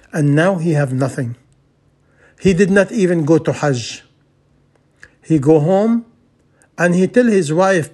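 A man tells a sermon story in a husky, somewhat high voice. He speaks earnestly in broken English and often repeats lines for emphasis. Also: expressive, slow, pauses often, a little mellow. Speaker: preacher.

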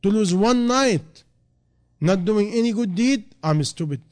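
A man preaching a sermon in non-native English, dropping to quiet reflection and then rising into loud, emphatic calls. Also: high-pitched, animated, measured pace.

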